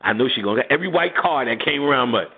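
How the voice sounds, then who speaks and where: Over a phone line with a bit of background noise, a man with a mid-range voice races through a profane story while hosting a radio show. He chats casually, laughs often, and animatedly acts out the quotes of the people involved in different voices.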